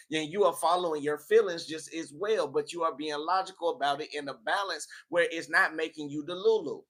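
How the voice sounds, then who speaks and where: A man giving a casual spiritual tarot reading in a preachy, animated, slangy motivational way. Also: fairly high pitch. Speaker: tarot reader.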